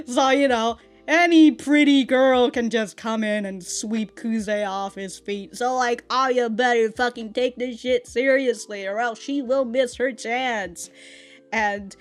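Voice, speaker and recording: A woman with a slightly high voice talks through an anime episode in loose, unscripted reaction commentary. She laughs a lot, swears casually and fills her sentences with "like" and "you know". Faint music plays behind her. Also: a little slow. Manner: chatty, laughs often, swears casually, many fillers.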